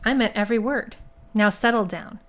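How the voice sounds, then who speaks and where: A woman's voice: a little high, fairly quick, close to an everyday voice. Woman reading a cocky male private eye, dry, self-assured, audiobook. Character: cocky male private investigator, calm and bold.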